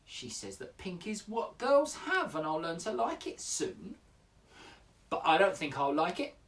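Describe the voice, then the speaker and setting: A man voicing an eight-year-old girl who dislikes pink, reciting a rhyming poem in a high, sing-song way. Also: wildly swooping pitch, a little slow, fairly bright tone, recorded from a distance, full character voice. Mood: indignant.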